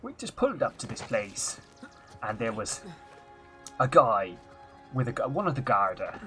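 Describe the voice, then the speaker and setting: A man's voice: mid-range voice, very animated, a little slow, over music. A man streaming a game, telling a rambling story in a put-on Irish accent and swearing freely. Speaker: livestreamer playing a game. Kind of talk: casual gaming stream chat.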